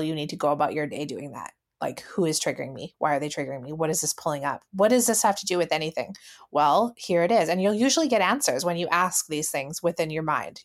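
A woman co-hosting a casual podcast, speaking reflectively, laughing often and acting out voices she quotes. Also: on the low side. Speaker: podcast co-host.

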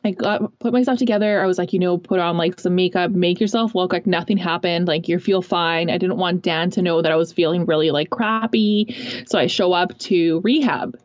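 A woman's voice: fairly low pitch, fairly even intonation, fairly quick, dry recording. A young woman telling a personal story in a casual, rambling way, full of fillers. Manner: chatty, rambling, many fillers. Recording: dull lo-fi recording.

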